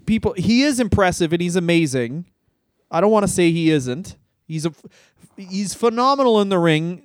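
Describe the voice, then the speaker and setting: A man co-hosts a comedy podcast with a fairly high voice, riffing in loose, profane chat. He keeps stopping to correct himself with quick asides. The sound is close and dry, with no room around it. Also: no echo. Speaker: podcast co-host.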